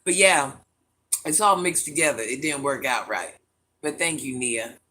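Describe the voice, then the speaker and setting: Man, mixed country accent, bright voice, casual live-stream chat, playful. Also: medium pitch, measured pace, slight background noise. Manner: chatty, playful, answers viewers' comments. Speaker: livestream host reading chat.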